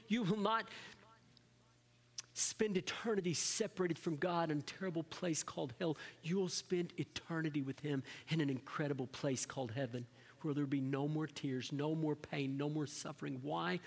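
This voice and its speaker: A man preaching a sermon as pastor, shifting between lively emphasis and soft, hushed moments. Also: high voice. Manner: dynamic preaching, drops to soft whispers for emphasis. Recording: long hall reverb.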